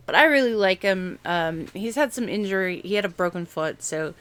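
Bright-voiced woman in a chatty podcast. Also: mid-range voice, normal speed, clean tone. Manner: chatty, laughs easily. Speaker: baseball draft analyst. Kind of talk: casual podcast chat.

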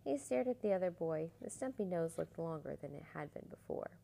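Woman storyteller, low warm gravelly voice, storybook read-aloud. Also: moderate pace, hardly any pauses, poor audio. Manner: expressive, animated storytelling.

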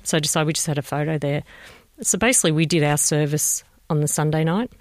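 A woman with an Australian accent, a mother gently recalling a painful family story in an interview and re-enacting what people said. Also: low-pitched, quick pace. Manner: reflective, gentle, re-enacts conversations. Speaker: bereaved mother telling her story. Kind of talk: personal recollection, interview.

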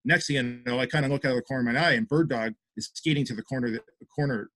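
A man's voice: medium pitch, very fast, no echo. A man, a podcast guest and former hockey player, animatedly telling stories and acting out quotes. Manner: animated storyteller, acts out quotes, many fillers. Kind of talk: casual chat.

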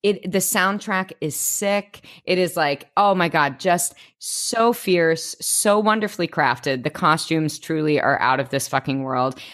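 A woman's voice: low voice, unhurried, hardly any pauses, fairly bright tone. Gushing, swearing woman podcast co-host. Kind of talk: casual chat.

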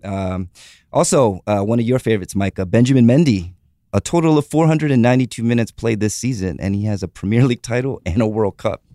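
Low-voiced man hosting a sports chat. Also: dark tone, no echo, studio quality. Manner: brisk, reads off quick facts, chuckles. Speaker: podcast host.

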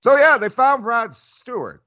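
A man's voice: very high-pitched, very animated, measured pace, sharp tone, no echo. A man hosting a football podcast, chatting casually with many restarts and reading sponsor plugs. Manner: rambling, restarting, laughing often. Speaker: podcast host. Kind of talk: casual football chat and ad reads. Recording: dull lo-fi podcast audio.

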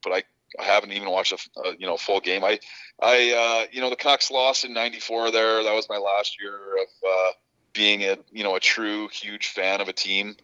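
A man, a former pro hockey player, chatting as an interview guest in a halting way, with many restarts. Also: lowish voice, little pitch movement, pushed and bright, clean tone, muffled recording. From Canada. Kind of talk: casual interview chat.

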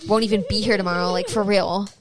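A woman's voice: medium pitch, steady tone, fast, over a noisy crowd. A young woman about to start college, chatting casually in a playful, dramatic way. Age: young adult. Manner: playful, dramatic, says bro. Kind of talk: casual chat.

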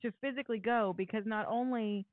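Woman podcast host, mid pitch, relaxed and reflective, dry tinny phone-line sound. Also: brisk, dry recording. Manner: relaxed, thoughtful, with soft affirmations. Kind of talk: casual parenting chat.

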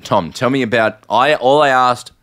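A man with an Australian accent co-hosting a casual podcast chat, joking in a deadpan way. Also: medium pitch, moderate pace. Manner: joking, deadpan, bursts into loud sing-song rapping. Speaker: podcast co-host.

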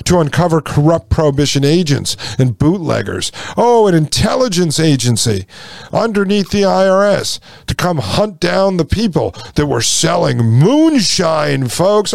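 A man's voice: on the high side, big pitch swings, measured pace, gravelly, no room sound. A man hosting a podcast, reading out historical excerpts and then ranting about them sarcastically. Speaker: podcast host. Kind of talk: political commentary monologue.

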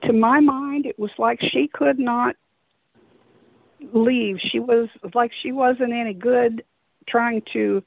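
Speaking slowly in a slightly high, gravelly voice with fairly even intonation, a woman calls in and tells a long story of an encounter. She hesitates, rambles, and restarts many times, and the dry recording comes over a tinny phone line.

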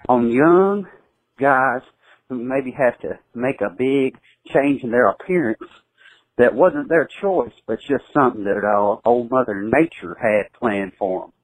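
A man's voice: mid-range voice, unhurried, poor audio. A man in his twenties from southern Kentucky with a Southern US accent, calling in to a podcast and asking an earnest question with some hesitation. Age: 20s. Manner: hesitant, earnest, lots of fillers. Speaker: caller.

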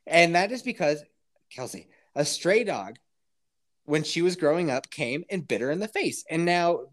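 A man's voice: on the high side, moderate pace. A man telling a comic story on a podcast in casual, profane chat, acting out everyone's reactions as he goes. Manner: animated, profane, acts out others' reactions.

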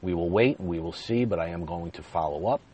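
Brief: low-voiced male podcaster, candid storytelling monologue, animated delivery, faint background hiss. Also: brisk. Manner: animated retelling, swinging between loud bursts and quiet asides.

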